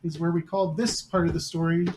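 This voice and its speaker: A man's voice: a little high, flat delivery, a little fast. A man running a tabletop game as game master, narrating the scene in a storytelling way with small restarts. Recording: noisy home stream audio.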